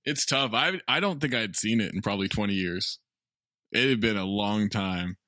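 A man's voice: on the low side, moderate pace, dry recording, clean studio sound. A man co-hosting a movie podcast, joking and swearing in casual chat. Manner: joking, profane, laughs loudly. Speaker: podcast co-host.

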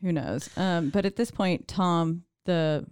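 A woman's voice: fairly low pitch, slow pace, a little mellow, clear, resonant tone, dry recording, studio quality. A woman co-hosting a casual movie podcast, enthusiastic and casually swearing as she recaps a film. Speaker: podcast co-host.

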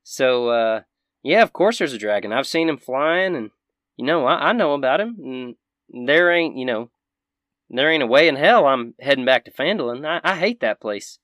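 A man voicing a gruff, misanthropic woman who brews potions, with a folksy, blunt and profane way of talking. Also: mid-range voice, animated, normal speed, a bit bright, no echo, studio quality, pitched above the performer's own voice, close to an everyday voice. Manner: folksy, blunt, swears freely.

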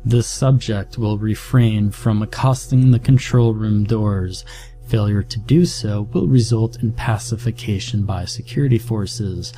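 A man's voice: medium pitch, moderate pace, close to an everyday voice. A man doing a cold, formal scientist. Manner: calm, unemotional, formal. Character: cold, calm male scientist over a speaker.

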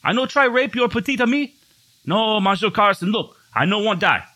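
A man's voice: animated, normal speed, pushed and bright, no echo. A man voicing a blustering French Canadian bully who begs for his life in broken English, with a put-on French Canadian accent. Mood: pleading. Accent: mock French Canadian. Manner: pleading, broken English, high and nasal.

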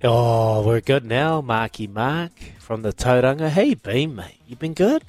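A man's voice: mid-range voice, expressive, measured pace, darkish tone, no echo. Kiwi male radio host, cheeky and playful with callers, light music bed. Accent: New Zealand. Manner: cheeky, teasing, laughs often. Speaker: radio sports quiz host. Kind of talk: upbeat radio banter with callers.

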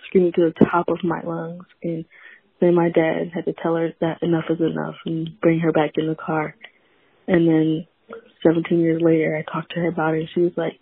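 A woman's voice: lowish voice, completely flat delivery, breathy edge, no room sound. Bitter woman on a phone line. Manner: halting, bitter, many fillers. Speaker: voicemail caller. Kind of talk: recorded phone confession. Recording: dry tinny phone line.

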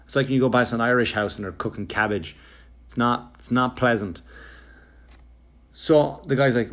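A man's voice: medium pitch, moderate pace, pauses often. Male comic, middle-range voice, loose rambling anecdote delivery with sarcastic, swearing asides. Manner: rambling, sarcastic, profane, with frequent fillers; animated, jumping into quoted exchanges. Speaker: touring comedian. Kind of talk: casual comedic storytelling monologue.

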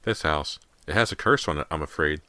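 A man's voice: very deep voice, brisk, sharp tone, no echo. A man voicing a stern, sighing housekeeper. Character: stern middle-aged housekeeper, gloomy and superstitious.

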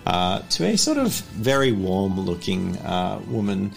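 A man narrating a tabletop role-playing game as game master, in a rambling, relaxed manner full of fillers. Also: low-pitched, unhurried, vocal fry, faint music behind.

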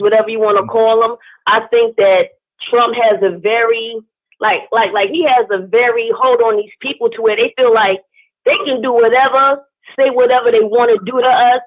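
A young woman calling in to a show, earnest and halting, with many fillers as she gives her opinion. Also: fairly high pitch. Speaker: caller. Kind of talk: call-in opinion. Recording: muffled phone line.

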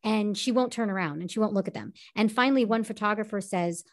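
An actress sits in as a podcast guest, telling her story with enthusiasm and vivid, expressive delivery. Her pitch is in a middle range for a woman. She speeds up and brightens when a point excites her. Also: brisk, hardly any pauses. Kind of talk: personal testimony in an interview.

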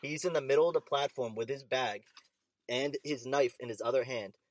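A young man telling an animated, profane story in casual chat. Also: medium pitch, a little fast, a little hiss or hum.

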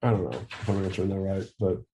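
Low, mellow-voiced young man rambling. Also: level tone, fast talker, a little hiss or hum. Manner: rambling, laughs often, swears casually. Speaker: interview guest. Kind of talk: casual chat. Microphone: video call.

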